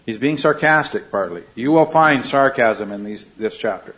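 A man's voice: mid-range voice, expressive, normal speed, a bit bright. A man leading a Bible study class, asking questions and repeating the students' answers. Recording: slightly dull recording.

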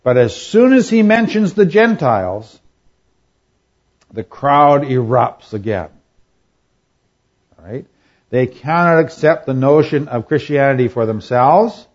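A man lectures on scripture in a measured, halting way, often pausing and asking "all right?" as he goes. His voice sits at an ordinary middle pitch. The recording is somewhat dull and lo-fi. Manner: halting, with frequent fillers and checks like "all right?". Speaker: Bible teacher.

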